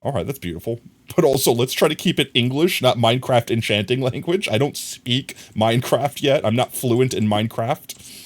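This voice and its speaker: An American man with a mid-range voice streams a game from a room at home where his dog is with him. He speaks at a moderate pace, rambling in a chatty way and reading his chat aloud as he talks to it.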